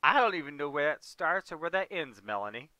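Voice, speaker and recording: A man's voice: on the high side, very animated, fairly quick, pushed and bright, no echo, dull audio. A man hosting a livestream, chatting casually as he plays a farming game and grumbling now and then. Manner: chatty, talks to chat and co-players, mild exasperated outbursts. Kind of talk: casual gameplay commentary.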